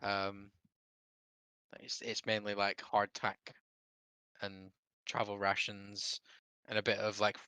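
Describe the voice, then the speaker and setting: Male game master, rambling casual narration, bright tone. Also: lowish voice, completely flat delivery, slow, long pauses, clear, resonant tone, no room sound. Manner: loose, rambling narration with fillers and laughter.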